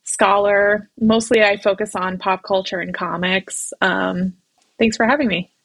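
A woman's voice: mid-range voice, unhurried. A woman guest on a podcast who talks in a loose, casual way, with frequent "um" and "like" as she explains her work. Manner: relaxed, with frequent "um" and "like" while explaining. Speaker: guest, writer and comics scholar. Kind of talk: casual interview talk.

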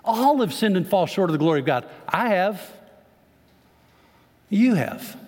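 High-voiced male pastor in a reverberant church. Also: expressive, measured pace, a little mellow. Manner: conversational preaching with questions to the congregation. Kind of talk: sermon. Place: church sanctuary.

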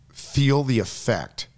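A man who plays and teaches tennis, chatting casually and chiming in quickly. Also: medium pitch, big pitch swings, a little mellow. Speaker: tennis coach. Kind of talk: casual chat.

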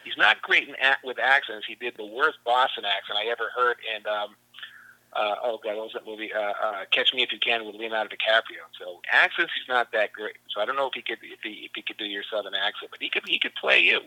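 A man talks eagerly in a casual chat, his words tumbling out quickly. His voice is gravelly with fry, yet very bright and forceful. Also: on the low side, rough recording. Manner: fast, eager talker. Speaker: guest.

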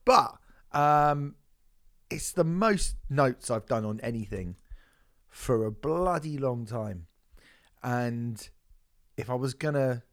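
A man's voice: lowish voice, creaky. A man co-hosting a music podcast, joking and bantering casually, swearing now and then. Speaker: podcast co-host.

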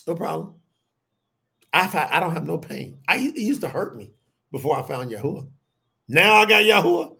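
A man's voice: on the high side, a little fast, creaky, breathy edge. A middle-aged man preaching a sermon, talking animatedly and calling out to his listeners as y'all. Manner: animated, addresses the audience as y'all.

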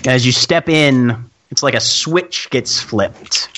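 A man narrating a tabletop role-playing game as game master, descriptive and unhurried, with small filler pauses. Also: medium pitch, noisy background.

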